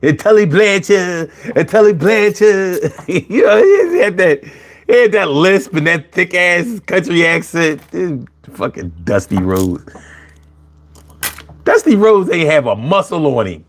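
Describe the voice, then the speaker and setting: A man hosting a casual live chat, animated and profane, laughing often as he talks. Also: high voice, unhurried. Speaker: livestream host reading chat.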